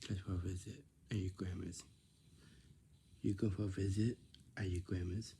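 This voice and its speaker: A man telling a rambling casual story, repeating himself and dropping into soft whispers. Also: low-pitched, fairly even intonation, moderate pace, gravelly, slight background noise. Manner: repetitive, restarts phrases, drops into soft whispers.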